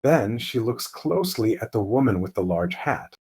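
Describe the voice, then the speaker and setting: Calm, slow-spoken male English teacher. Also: mid-range voice. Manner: calm, clear, deliberate. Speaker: host and story narrator. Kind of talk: slow scripted narration for English learners.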